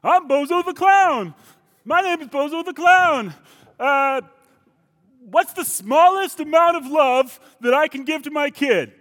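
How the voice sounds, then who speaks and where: A man voicing a silly clown who asks for the least he must do, in a high put-on voice. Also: animated, measured pace, a bit bright, big-room sound, full character voice. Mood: whiny. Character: male clown, a lazy dad, kid, Christian doing the bare minimum.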